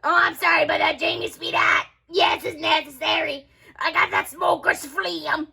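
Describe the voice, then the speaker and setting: A woman's voice: extremely high pitch, steady tone, moderate pace, creaky, heavily acted. A woman playing a brash chain-smoking neighbor. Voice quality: phlegmy smoker's voice. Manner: brash, loud, snapping back. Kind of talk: homemade skit acting.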